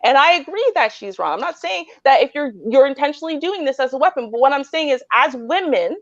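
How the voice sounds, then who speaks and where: A woman's voice: high voice, expressive, fast talker, no echo, muffled recording. A married woman host earnestly explaining her view on relationships, often checking in with "right?". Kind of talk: relationship advice debate.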